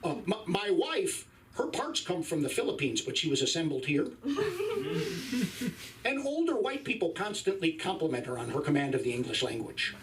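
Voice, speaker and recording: A man's voice: a little high, big pitch swings, normal speed, distant mic, noisy background. A man in his fifties doing a crude, wry stand-up comedy set on a club stage. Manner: crude, profane, wry storytelling.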